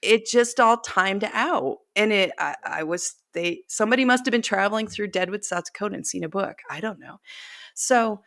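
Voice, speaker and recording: A woman's voice: medium pitch, brisk, vocal fry, a bit bright, no echo. A middle-aged woman author telling stories in a casual interview, chatty and self-deprecating, laughing often. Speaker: author guest.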